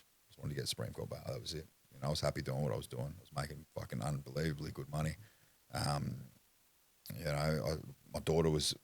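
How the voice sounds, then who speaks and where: A man with an Australian accent and an extremely deep voice recounts his past in a blunt, rambling way, swearing freely. The sound is close and dry, with no room echo. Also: gravelly. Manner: rambling, restarts sentences. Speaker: podcast guest. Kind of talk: candid personal storytelling.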